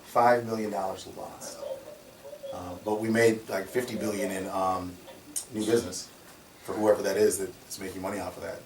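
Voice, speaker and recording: A man tells stories in conversation, animated and quick to laugh. His voice sits back from the microphone and echoes a little around the room. A faint hiss of noise runs behind him. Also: low-pitched. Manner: animated, laughs often while telling stories. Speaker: security company owner. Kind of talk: conversational storytelling. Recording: roomy, distant mic, faint noise.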